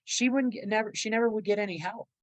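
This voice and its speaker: A mid-range, fast-talking woman, middle-aged and a motivational speaker, guests on a podcast with a rambling, earnest personal story, voicing the people involved. The recording is dry and of low quality.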